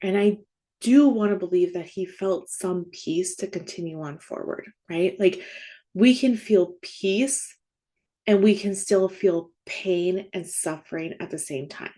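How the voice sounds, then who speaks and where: Woman, thirties, slightly low voice, casual podcast talk, keeps checking in with listeners. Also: measured pace, mellow. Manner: conversational, frequent "like" and "right?" check-ins. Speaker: grief coach and podcast host. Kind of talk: casual spoken podcast teaching.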